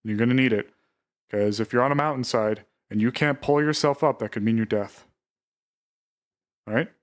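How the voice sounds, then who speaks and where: A man in a roleplay game, speaking as a mentor and repeating words over and over to calm someone. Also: mid-range voice. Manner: repeats words in rapid strings. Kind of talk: roleplay game character talk.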